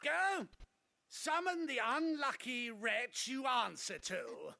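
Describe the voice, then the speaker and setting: A man's voice: very high voice, sing-song, takes it slowly, gravelly, pushed and bright, full character voice. An actor playing a haughty, cruel nobleman who speaks in a pompous, theatrical way in a video game. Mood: haughty indignant. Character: haughty cruel nobleman, adult man, arrogant.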